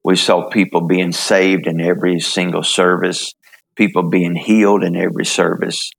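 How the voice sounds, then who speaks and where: An older man from the United States telling his story in an interview, halting, with many fillers and restarts. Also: low-pitched, flat delivery, creaky, husky. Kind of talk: relaxed testimony in conversation.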